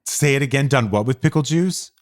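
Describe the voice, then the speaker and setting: A man co-hosting a podcast in casual chat, throwing in quick joking quips. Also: mid-range voice, expressive. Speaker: podcast co-host.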